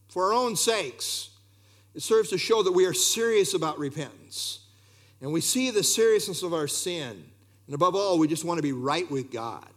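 A male preacher delivers a sermon in a high, bright-pitched voice. His intonation rises and falls widely as he poses rhetorical questions, with the odd filler word along the way.

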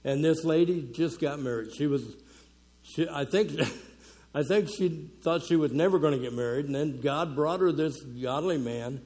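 A man's voice: fairly high pitch, moderate pace, darkish tone. A man preaching to a women's conference in a folksy, conversational way, with fillers and small chuckles. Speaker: conference speaker. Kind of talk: conversational sermon.

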